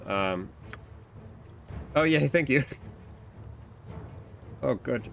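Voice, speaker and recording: A man's voice: mid-range voice, animated, extremely slow, vocal fry, a bit bright, slight background noise. A young adult man streaming a video game, giving chatty, rambling commentary with lots of fillers. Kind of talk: casual let's-play commentary.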